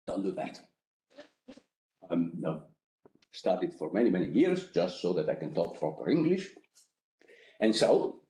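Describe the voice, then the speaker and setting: A man with an Italian accent giving an academic lecture, conversational and animated, often checking in with the audience. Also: on the low side, reverberant. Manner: animated, conversational, frequent "right?" asides.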